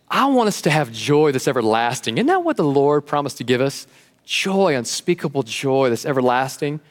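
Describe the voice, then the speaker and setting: A man preaching a sermon as pastor in a church, lively and animated, acting out the voices he quotes. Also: on the high side, big-room sound. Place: church sanctuary.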